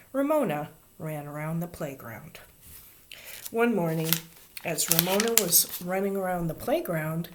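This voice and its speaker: A woman reading a children's book aloud with expressive, animated storytelling. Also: on the low side. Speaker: reader.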